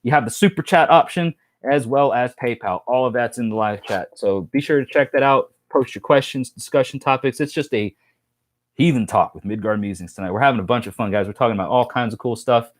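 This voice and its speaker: A man's voice: medium pitch, brisk. A man hosting a casual live stream, telling rambling stories and reading chat comments, with lots of fillers and restarts. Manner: rambling, chatty storytelling with many fillers and restarts.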